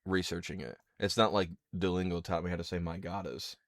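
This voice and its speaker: A man's voice: sits low, fairly even intonation, fairly quick, fairly bright tone, no room sound, studio quality. A man hosting a podcast in casual chat, telling stories in a laid-back way and acting out the dialogue. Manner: laid-back storyteller who acts out dialogue. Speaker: podcast host.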